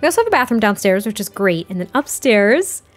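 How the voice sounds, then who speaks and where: A woman's voice: mid-range voice, sing-song, brisk. A woman casually narrating a life-sim story, chatty and filling her talk with "like" and "you know". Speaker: Sims storyteller YouTuber.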